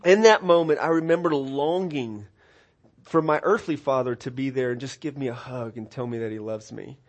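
A man preaching a sermon, earnest and personal, rising to emphatic peaks and dropping soft, often repeating words as he restarts phrases. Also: medium pitch, normal speed, dull audio. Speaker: pastor.

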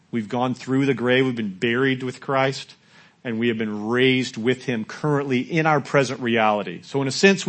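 Guy preaching a sermon, chatty, asks the room questions, medium voice, gets shouty on the quotes. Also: mid-range voice. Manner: conversational preaching with questions to the congregation; rises to loud shouting when acting out quotes. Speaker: pastor.

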